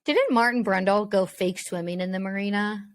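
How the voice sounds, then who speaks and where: A woman's voice: mid-range voice, moderate pace, no room sound. A woman co-hosting a casual sports podcast, emphatic and jokingly exasperated. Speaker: podcast co-host. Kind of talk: casual chat.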